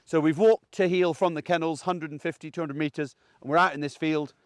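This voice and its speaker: A man's voice: on the high side, steady tone, fairly quick, smooth, no echo, clean studio sound. A man, a gundog trainer, giving plain-spoken, chatty training advice outdoors in a field. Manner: chatty, plain-spoken, keeps checking in with "okay?".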